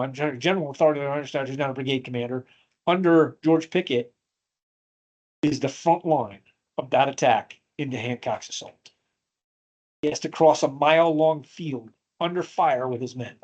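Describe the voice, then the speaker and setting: A man's voice: a little high, a little mellow, low-quality recording. A man teaching a history class, telling a battle story with strong feeling and acting out the quotes. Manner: emotional storytelling, acts out quotes.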